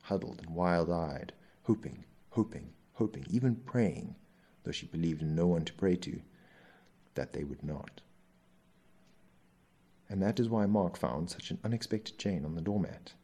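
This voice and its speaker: Male novel narrator, very low and gravelly, measured reading. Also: warm tone. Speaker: audiobook narrator.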